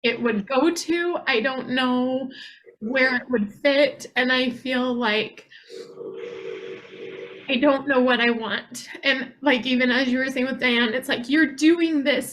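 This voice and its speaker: A woman's voice: high-pitched, a bit bright. A woman on a group video call who shares her doubts in a rambling, hesitant way, full of fillers. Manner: rambling, hesitant, self-questioning, many fillers. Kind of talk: casual personal sharing.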